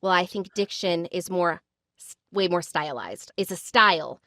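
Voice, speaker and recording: A woman's voice: lowish voice, expressive, unhurried, bright, forceful tone, no echo, clean studio sound. Reflective woman podcast co-host. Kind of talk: casual chat.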